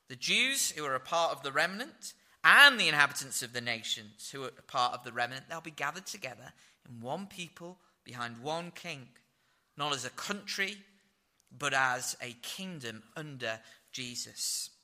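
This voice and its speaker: A man with a bright, forceful voice on the high side preaches a sermon, reading scripture aloud and explaining it verse by verse. His expository Bible teaching is sprinkled with fillers.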